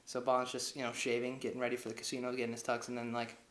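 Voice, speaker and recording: Young man, casual movie recap, rambling with lots of filler, mid-pitched voice, roomy echo. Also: monotone, very fast, a bit bright, a little hiss or hum. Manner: rambling, heavy on filler words. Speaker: movie reviewer. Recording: echoey room.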